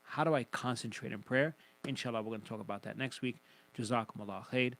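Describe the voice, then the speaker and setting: A man's voice: mid-range voice, fast talker, a bit bright, poor audio. A man teaching Quran commentary on the radio, explaining emphatically and quoting Arabic recitation. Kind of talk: radio religious lesson.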